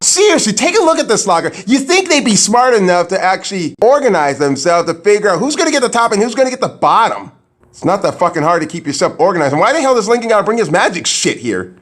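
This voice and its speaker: A man's voice: sits high, big pitch swings, fast, a bit bright. A man giving a crude, sarcastic review of a cartoon episode, swearing freely. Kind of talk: profane comedic review commentary.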